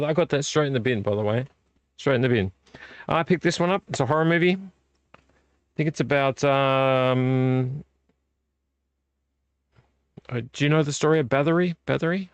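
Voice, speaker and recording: A man's voice: medium pitch, dry recording. A middle-aged man, hosting a casual live-stream vlog in a rambling, easily distracted way. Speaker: vlog host.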